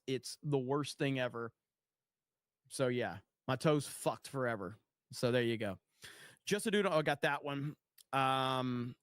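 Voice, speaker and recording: A man's voice: medium pitch, fairly bright tone, no echo, clean studio sound. A man hosting a casual livestream, rambling and swearing freely as he reads chat messages aloud and tells stories. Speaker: streamer.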